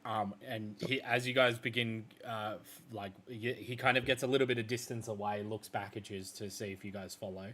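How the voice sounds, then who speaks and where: A man's voice: on the low side, steady tone, brisk, few pauses, sharp tone. A man narrating as game master, describing scenes loosely with lots of fillers.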